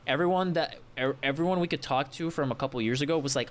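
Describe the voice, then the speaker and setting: A young man co-hosting a casual podcast, telling a rambling, animated story full of restarts and swearing. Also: a little high, quick pace, noisy background. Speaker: podcast co-host.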